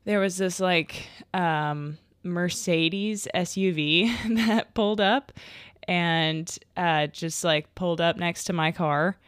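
Speaking slowly in a lowish, clean voice, a young woman chats alone on her podcast, telling meandering stories packed with fillers and laughs. The recording is dry and studio quality.

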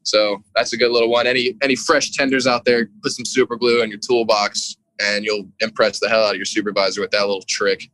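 A man in his twenties, a commercial diver and podcast guest, chatting in a relaxed way with frequent laughs. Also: on the low side, fairly quick, hardly any pauses, slight background noise, rough recording. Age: 20s. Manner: laid-back, laughs often, swears freely. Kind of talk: casual podcast chat.

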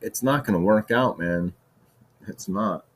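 A man's voice: lowish voice, a little slow, husky. A man talking in a casual solo monologue, rambling and restarting, with lots of "like" and "dude.". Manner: rambling, heavy use of "like" and "dude"; restarts and repeats words. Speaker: podcast host.

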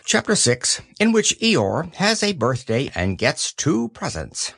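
A man narrating a children's audiobook with slow, expressive storytelling. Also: fairly high pitch, gravelly, dry recording, studio quality.

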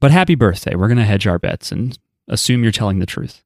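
A man's voice: on the low side, expressive, fast, dry recording. A man hosting a podcast in casual chat, with a dry, joking delivery. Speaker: podcast host.

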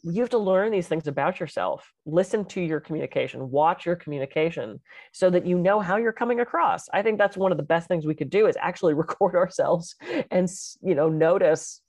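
A woman talking as a podcast co-host and speaker, animated and expressive as she tells stories in casual chat. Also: on the low side, fairly quick, no echo.

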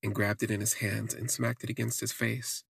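A man's voice: on the low side, level tone, normal speed, creaky, a bit bright, breathy edge, no room sound, studio quality. A man hosting a podcast, telling a candid personal story in a rambling way full of "like" fillers. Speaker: podcast host.

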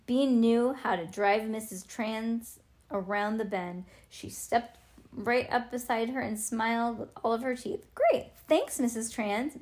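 A woman's voice: a little high, a little mellow. A woman reading a children's book aloud in a playful way, adding chatty asides to her listener. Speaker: storybook reader.

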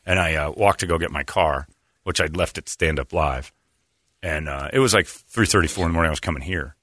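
A man's voice: very deep voice, brisk, sharp tone, dry recording, clean studio sound. A man hosting a radio talk show, telling rambling stories, laughing often and acting out quotes in casual banter.

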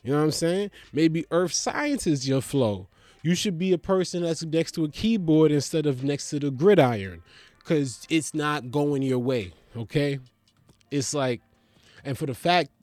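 A man ranting in a profane stand-up comedy style, animated, swinging between mocking voices and loud outbursts. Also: mid-range voice, no room sound.

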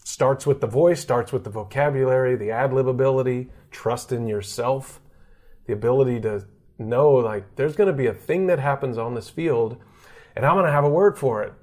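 A sportscaster from Texas tells stories in a relaxed podcast interview. His voice sits at an everyday middle pitch. He is animated and keeps slipping into the voices of the people he quotes. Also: normal speed. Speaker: guest sportscaster. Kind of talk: casual storytelling interview.

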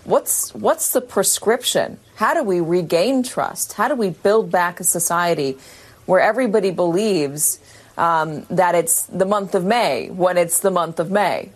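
A woman with a lowish voice presses her guest with direct, probing questions as the interviewer. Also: lively intonation, unhurried.

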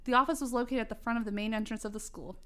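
Woman reading old fiction aloud for laughs, smooth and highish voice, jokey asides. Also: fairly even intonation, very fast, pushed and bright. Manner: laughing, self-mocking asides. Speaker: reader.

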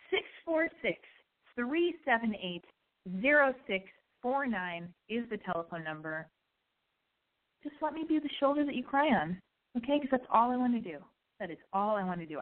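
A woman hosting a call-in podcast, brash, chatty and profane, with a slight lisp and allergy congestion. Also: fairly high pitch. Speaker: call-in show host. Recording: tinny phone-quality sound.

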